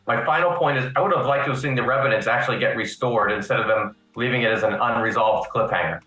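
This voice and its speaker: A man chatting as a guest on a live panel stream, laying out his points calmly. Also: mid-range voice, quick pace, echoey room, soft background music, poor audio. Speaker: guest YouTuber. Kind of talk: casual panel chat.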